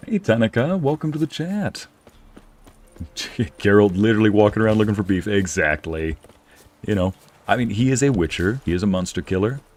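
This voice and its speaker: A man's voice: lowish voice, a little mellow. A young man casually commenting on a game he is playing, joking and laughing often. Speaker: streamer narrating a game playthrough.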